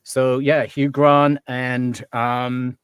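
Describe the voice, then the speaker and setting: A man from England talks in an English accent worn toward transatlantic by years abroad. He explains accents in a relaxed, wry way, pausing on ums and restarting sentences. His voice sits at an ordinary pitch and sounds close and dry, with no room around it. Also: clear, resonant tone, no room sound. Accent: English, softened toward transatlantic after years in Canada. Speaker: accent coach and guest. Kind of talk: casual interview chat.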